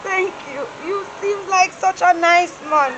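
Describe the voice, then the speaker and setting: A woman playing a young Jamaican maid who begs and pleads through tears. Her voice is very high, and she keeps ending her phrases with a plaintive "oh". There is faint noise behind her. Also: unhurried, fairly bright tone, lo-fi sound. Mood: subdued. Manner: pleading, tearful, ends phrases with "oh".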